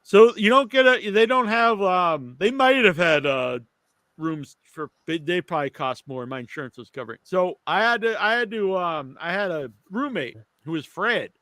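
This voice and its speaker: A man telling a long, rambling anecdote on a podcast, his high voice swinging widely as he goes. His tone is bright, and the recording is close and dry. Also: moderate pace, no room sound. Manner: animated, rambling, restarts often. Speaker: podcast co-host. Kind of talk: casual storytelling chat.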